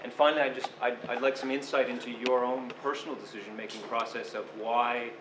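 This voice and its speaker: A man's voice: mid-range voice, fairly even intonation, fairly quick. Male audience member, articulate questioner, echoey hall, background noise. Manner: articulate, asks layered questions. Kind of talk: public Q&A question. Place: university lecture room.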